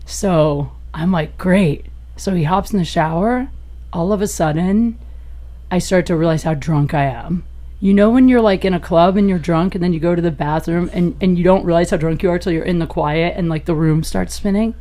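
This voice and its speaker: A woman comedian, a podcast guest, telling a raunchy personal story in an animated way and laughing as she goes. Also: normal speed. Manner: animated, gets loud and high-pitched as the story peaks; laughs through her own story.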